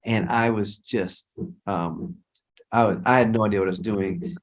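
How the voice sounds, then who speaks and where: A low-pitched middle-aged man tells a long story in a relaxed interview. He rambles, restarts his sentences, and slips into quoted speech as he goes. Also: normal speed. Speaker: interview guest, worship leader.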